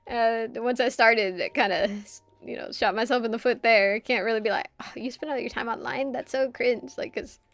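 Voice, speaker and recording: Reading out viewer comments in a casual chat, this woman streamer rambles, trips over repeated words, and laughs a lot. Her pitch is a little high, and the recording is dry.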